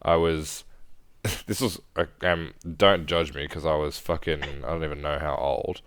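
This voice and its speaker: A man's voice: a bass voice, steady tone, a little slow, a bit bright, smooth, no echo. A young man, a podcast co-host chatting casually and swearing freely. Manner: laid-back, sweary. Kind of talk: casual storytelling chat.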